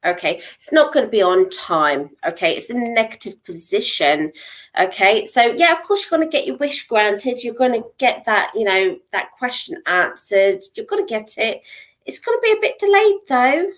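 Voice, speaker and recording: A woman's voice: mid-range voice, expressive, moderate pace, a bit bright. Reassuring woman giving psychic readings. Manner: reassuring, checks in with frequent "okay?". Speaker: psychic reader. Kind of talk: live psychic reading stream.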